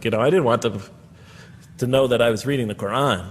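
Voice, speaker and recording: Husky man lecturing in an echoey hall. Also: mid-range voice, fast. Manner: earnest, quoting and tallying references. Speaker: speaker giving a public talk. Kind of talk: lecture to an audience.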